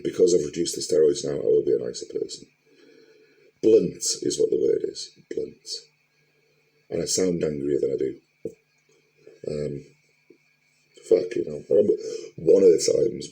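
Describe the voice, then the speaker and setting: A man's voice: extremely low pitch, gravelly, mellow, rough recording. A middle-aged man, talking candidly to camera in a rambling, blunt way and swearing often. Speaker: vlogger. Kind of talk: candid personal vlog.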